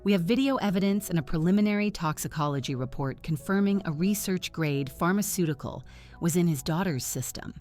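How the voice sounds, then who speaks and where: A woman's voice: lowish voice, expressive, fairly quick, a little mellow, soft background music, lightly acted. A woman voicing a stern female police detective with a steely, commanding manner.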